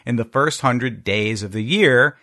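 A man's voice: mid-range voice, unhurried, bright, forceful tone. A man from the United States, a podcast co-host, presenting a segment in a wry, joking way during a casual panel chat. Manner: wry, jokey delivery of a prepared segment.

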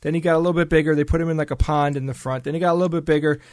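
A man's voice: a little high, fairly even intonation, racing, darkish tone, no room sound. A man co-hosting a podcast in casual chat, often chuckling as he talks, recorded on a close mic. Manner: chuckles often while talking. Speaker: podcast co-host running a sound-guessing segment. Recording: dry close-miked sound.

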